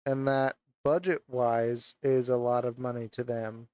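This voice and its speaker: A man's voice: mid-range voice, flat delivery, measured pace, darkish tone, clean tone, no room sound. A man ranting angrily about a game while wearing a VR headset, swearing and venting as a gaming vlogger. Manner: angry, swearing rant. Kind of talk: ranting commentary while playing. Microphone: VR headset on, gaming mic.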